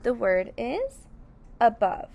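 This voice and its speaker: A woman's voice: a little high, wildly swooping pitch, takes it slowly, vocal fry, darkish tone. A woman teaching a phonics lesson, sounding out each word syllable by syllable with careful, over-enunciated speech. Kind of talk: slow, deliberate phonics lesson.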